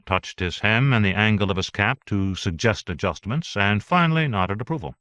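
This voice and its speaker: A man narrating an audiobook in a steady, even reading voice. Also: on the low side, normal speed, no echo, lo-fi sound.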